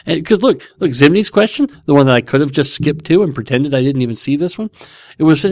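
A man hosting a podcast from home, talking in a loose, rambling way and breaking into laughter often. His voice sits a little high for a man. The sound is close and dry, with almost no room echo. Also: lively intonation, fast talker, darkish tone. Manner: rambling, laughing, self-mocking. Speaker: podcast host. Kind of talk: casual podcast chat.

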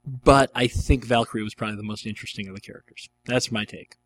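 Heavy background noise surrounds a middle-aged podcast host who answers listener questions in a casual chat. His mid-range voice keeps a steady tone, and he talks fast, rambling with enthusiasm and plenty of ums and uhs.

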